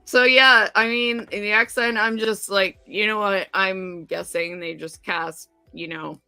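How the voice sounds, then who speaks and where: A woman's voice: medium pitch, steady tone, unhurried, gravelly, bright, forceful tone, smooth, no room sound, faint music behind. A woman hosting a casual podcast chat, offhand and loose in how she talks. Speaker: podcast host.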